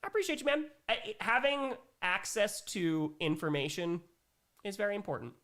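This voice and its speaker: A man's voice: high voice, expressive, moderate pace, fairly bright tone. A young man hosting a casual livestream Q&A, reading viewer messages aloud and reacting emphatically. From New York. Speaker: livestream host.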